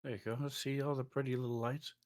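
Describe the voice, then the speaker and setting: A man's voice: medium pitch, level tone, quick pace. A man playing a tabletop game, describing his actions in a plain, matter-of-fact way. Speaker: player. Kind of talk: casual tabletop play.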